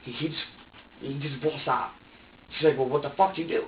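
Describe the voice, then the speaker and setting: A man's voice: mid-range voice, steady tone, moderate pace, a little hiss or hum. A young man in a police interrogation room, heavy with swearing as he re-enacts heated arguments, caught on a distant security camera mic. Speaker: interrogation subject. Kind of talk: agitated personal account. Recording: echoey, distant, dull security recording.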